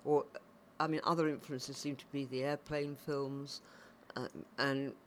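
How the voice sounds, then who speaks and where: A woman's voice: very deep voice, little pitch movement, a little slow. A woman hosting a podcast, chatty and meandering, often restarting her questions. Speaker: podcast host. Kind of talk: interviewing a guest. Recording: faint background noise.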